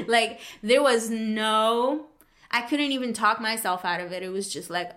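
A woman's voice: mid-range voice, normal speed, a bit bright. A woman whose first language is French, telling her personal story candidly and acting out her past thoughts. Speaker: podcast host.

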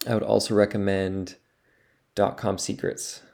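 Laid-back podcast guy, lowish gravelly voice, just chatting about business. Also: measured pace. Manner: relaxed, wraps up and gives recommendations. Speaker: podcast co-host. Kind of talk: casual business chat.

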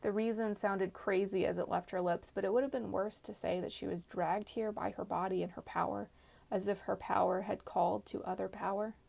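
A woman reading a fantasy novel aloud in a steady storytelling manner. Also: medium pitch, a little fast, gravelly. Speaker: audiobook narrator. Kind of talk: scripted narration.

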